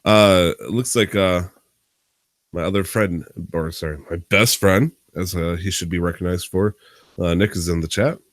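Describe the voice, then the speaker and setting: A man's voice: sits low, steady tone, moderate pace, no echo, studio quality. A young man hosting a casual podcast, teasing his co-host and joking around. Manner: joking, teasing, hypes himself up.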